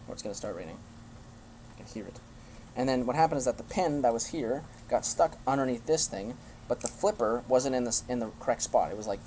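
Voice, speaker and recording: A man's voice: mid-range voice, darkish tone. Young male streamer, blunt, swearing rant, faint hiss behind. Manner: blunt, swears often, restarts sentences. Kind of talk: casual rant to a live stream.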